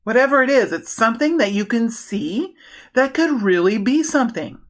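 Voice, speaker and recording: A woman giving a casual tarot reading, animated and prone to excited bursts, often restarting her sentences. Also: on the high side, normal speed. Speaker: tarot reader.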